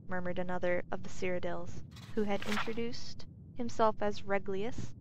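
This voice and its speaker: A woman narrating a fantasy bedtime story in a calm, even storytelling manner. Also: medium pitch, normal speed. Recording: dull lo-fi recording, faint music.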